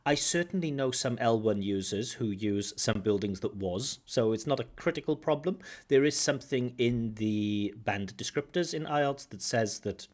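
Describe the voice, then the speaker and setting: A man who works as a language examiner, breaking down a recorded speaking test and commenting point by point. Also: lowish voice. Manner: explanatory, stops to comment. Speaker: IELTS examiner and teacher. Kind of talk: spoken exam feedback.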